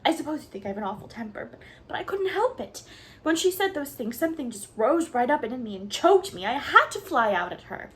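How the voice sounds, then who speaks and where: A woman reading aloud voices an excitable, dramatic orphan girl who pleads and protests with passion. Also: mid-range voice, brisk, close to an everyday voice. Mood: impassioned. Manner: impassioned, pleading, melodramatic.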